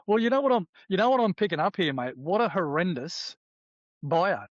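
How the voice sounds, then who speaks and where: A man's voice: high-pitched, big pitch swings, brisk, no echo, muffled recording. An Australian man co-hosting a podcast in casual chat, teasing his co-host in a chatty way.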